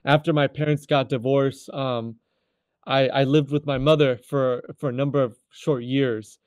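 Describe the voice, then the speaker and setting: A man in his thirties from California, telling his life testimony as a guest in an earnest, halting way, often repeating words as he restarts. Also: medium pitch, steady tone, darkish tone, smooth, no echo, studio quality. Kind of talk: personal testimony storytelling.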